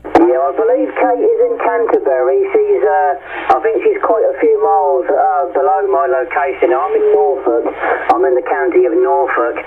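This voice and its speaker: A man's voice: high-pitched, wildly swooping pitch, normal speed, creaky. A man from England talking as a ham radio operator over the air, chatty, ending nearly every phrase with "there". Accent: East Anglian English. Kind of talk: radio contact chat. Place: received over shortwave radio. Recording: tinny radio with static hiss.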